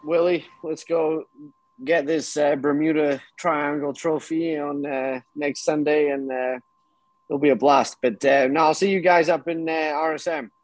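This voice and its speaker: A relaxed Scottish man talking on a podcast in a slightly high voice. He stays easygoing and loose, and he often restarts his sentences by repeating the first words. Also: measured pace, dry recording, rough recording. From Scotland. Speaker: guest golfer. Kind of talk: casual podcast chat.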